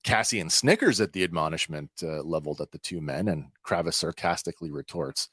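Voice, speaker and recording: A man's voice: extremely low pitch, lively intonation, a little fast, hardly any pauses, a bit bright, slightly rough, no room sound, studio quality. A man hosting a podcast, recapping an episode in a chatty way with many filler words. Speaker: podcast host.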